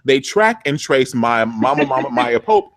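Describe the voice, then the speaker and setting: A man hosting a live TV recap show, talking fast and acting out scenes in funny voices. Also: mid-range voice, dry recording. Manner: animated, acts out scenes in voices.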